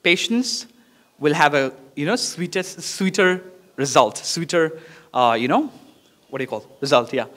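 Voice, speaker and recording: Encouraging Bangladeshi-accented male teacher, high voice. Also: lively intonation, moderate pace, a bit bright. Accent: Bangladeshi English. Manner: encouraging, repetitive, demonstrates poses while talking. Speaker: English teacher. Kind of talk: classroom lesson on presentation skills.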